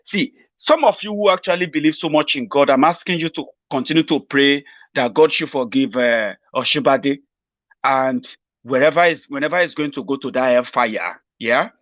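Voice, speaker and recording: A Nigerian man holds forth in a mocking political vlog, rambling and sarcastic, often chuckling at his own remarks. His voice sits mid-pitch. The sound is dull and dry. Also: fairly bright tone, no echo. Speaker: political commentator host.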